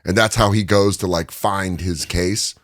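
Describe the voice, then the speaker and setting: A man's voice: deep voice, a little slow, dry recording, clean studio sound. A man who is a stand-up comedian, telling stories in a casual interview with lots of laughter and energy. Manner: animated, laughing storyteller. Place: recording studio.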